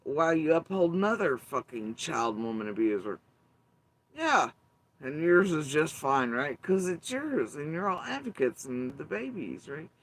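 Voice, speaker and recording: A man's voice: on the high side, sing-song, normal speed, fairly bright tone. Bitter, profane man ranting. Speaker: channel host. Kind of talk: angry ranting commentary.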